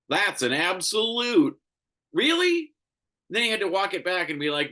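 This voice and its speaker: A man's voice: high voice, big pitch swings, normal speed, sharp tone. A man hosting a solo commentary show, ranting in a profane, exasperated way, tired and crabby. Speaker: show host.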